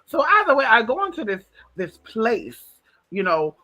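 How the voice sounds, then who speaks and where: A man's voice: very high voice, huge pitch swings, normal speed, muffled recording. A man telling stories in a casual, profane, sassy monologue, talking straight to his viewers, his voice a little strained. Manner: profane, sassy, addresses listeners as girl. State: voice strained, coming back. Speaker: spiritual vlogger.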